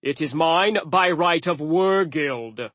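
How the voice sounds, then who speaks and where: Man playing a slow, grim giant. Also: fairly high pitch, expressive, fairly bright tone, dry recording, voice pushed up, heavily acted. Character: vengeful male giant.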